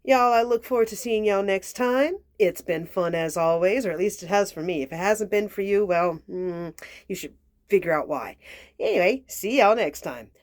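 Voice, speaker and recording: A woman, telling a personal story in a chatty, sassy way, talking straight to her viewers and sometimes dropping to a soft near-whisper. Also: medium pitch, normal speed, dry recording, studio quality. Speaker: tarot reader and channel host. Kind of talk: casual spoken storytelling.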